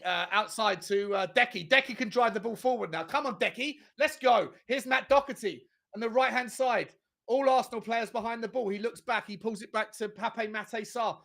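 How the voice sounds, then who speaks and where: An Irish man giving excited live play-by-play commentary on a match as a fan, screaming and swearing at big chances. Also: sits high, gravelly.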